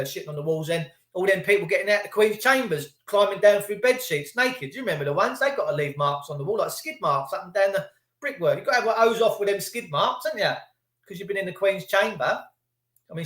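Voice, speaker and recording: Middle-aged man, high-pitched, sweary rambling rant host, echoey room. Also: a bit bright. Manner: profane, sarcastic, rambling. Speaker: livestream host. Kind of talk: ranting live monologue.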